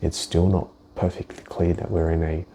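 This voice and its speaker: A man's voice: sits low, level tone, moderate pace, warm tone, slight background noise. A man giving a casual walkthrough of his forex trades, thinking aloud and swearing as he goes, with many restarted sentences. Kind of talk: casual screen-share market walkthrough.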